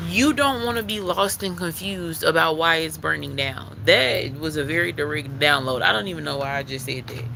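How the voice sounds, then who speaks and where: A man's voice: a little high, moderate pace, creaky, few pauses, bright, forceful tone, slight background noise, rough recording. A man giving a live-streamed spiritual tarot card reading, talking in an earnest, repetitive way that leans on emphasis like a preacher.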